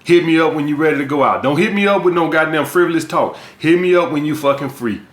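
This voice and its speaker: A man's voice: a little high, fast talker. A man from the US South with a Southern accent, giving blunt, profane dating and sales advice as a coach in a vlog monologue. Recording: echoey room.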